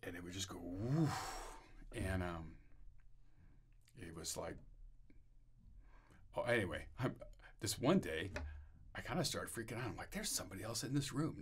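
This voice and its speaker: A man's voice: low-pitched, a little hiss or hum. A man telling a rambling personal faith testimony in an interview, with restarts and laughter. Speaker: interview guest.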